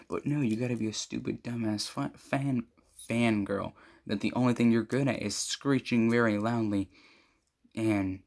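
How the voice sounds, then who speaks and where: A man's voice: medium pitch, gravelly. A young man casually reading fan fiction aloud, stumbling over words and adding mocking asides.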